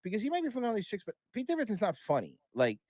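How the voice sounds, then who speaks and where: A man's voice: high voice, huge pitch swings, racing, darkish tone, dry recording. A man talking as a podcast guest in casual chat, blunt and profane, rambling with restarts.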